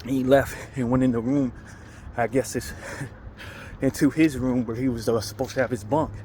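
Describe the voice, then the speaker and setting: A man's voice: mid-range voice, fairly even intonation, normal speed, dark tone, a little hiss or hum. A man casually telling a rambling story while walking outdoors, often chuckling. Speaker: vlogger. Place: outdoors on a city street, walking.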